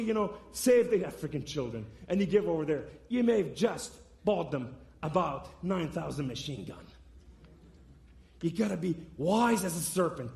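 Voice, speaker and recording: A man giving preached testimony to a church, impassioned, swinging between loud and soft. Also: sits high, gravelly. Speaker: guest speaker giving testimony. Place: church sanctuary. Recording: echoey room sound.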